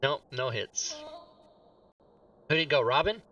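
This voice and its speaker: A man's voice: medium pitch, big pitch swings, takes it slowly, sharp tone, recorded from a distance, dull audio. A man who hosts the channel, playing a tabletop game and cracking teasing jokes. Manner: joking, teasing banter. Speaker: player and channel host.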